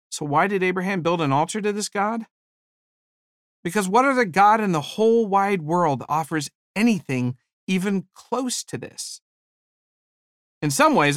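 A man's voice: high voice, fairly bright tone, no room sound, studio quality. A man preaching a sermon, emphatic, building his points to rising peaks.

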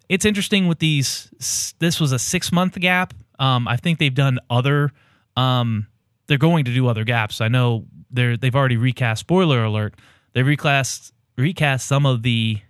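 A man's voice: mid-range voice, clean tone, no echo, studio quality. A man co-hosting a podcast, chatting casually in a rambling way with many fillers. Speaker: podcast co-host. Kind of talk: casual TV recap chat.

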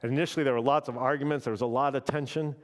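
A man's voice: mid-range voice, steady tone, very fast. A man preaching a sermon as pastor, in a conversational way that keeps checking in with "right?". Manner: conversational, often adds "right?".

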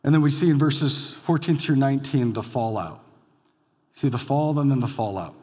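A male pastor preaching a conversational sermon, rising to loud emphatic bursts and dropping to quiet lines. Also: medium pitch, normal speed, in a large hall. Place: church sanctuary.

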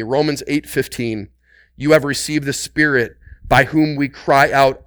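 Man preaching a sermon, smooth resonant voice, dry close sound, hushed to loud urgent swings. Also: mid-range voice, fairly even intonation, normal speed, no echo. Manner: repeats words for emphasis and calls on the congregation. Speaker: pastor.

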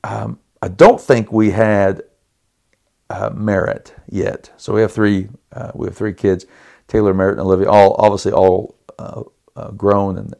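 On his podcast, a middle-aged host with a lowish, creaky voice recounts a personal story in an animated, dramatic way. He keeps starting his sentences over and laughs now and then as he gets worked up.

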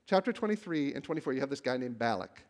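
A male pastor preaching a sermon, telling the story with animation and acting out the quotes, then growing hushed when he reads scripture. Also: mid-range voice, big pitch swings, fast. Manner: drops to a hushed, reverent tone when reading scripture.

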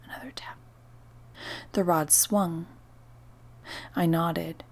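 A woman narrating a first-person story in a soft, partly whispered voice. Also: lowish voice, little pitch movement, takes it slowly, vocal fry, pauses often.

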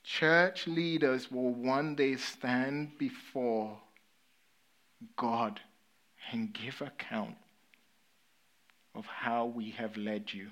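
Slow-speaking English pastor preaching. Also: male voice, mid-range voice. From England. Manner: storytelling, swinging between lively and hushed, sober. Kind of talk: sermon.

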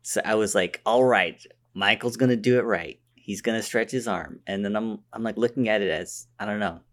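A man's voice: lowish voice, moderate pace, fairly bright tone. A man co-hosting a podcast, chatting casually and restarting his sentences often. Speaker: podcast co-host. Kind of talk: casual chat.

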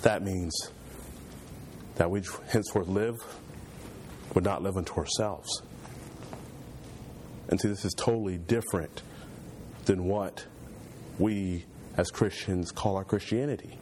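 A man preaching a sermon, building repetitive points with fervor and pushing his voice higher as he gets passionate. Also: unhurried, pauses often, a little mellow, slight background noise. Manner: impassioned, voice climbs high when fervent.

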